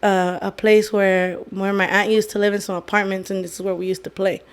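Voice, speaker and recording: A woman's voice: mid-range voice, level tone, brisk, smooth. A woman, a podcast guest, telling a story in a casual way, speaking candidly, swearing freely and slipping into Spanish.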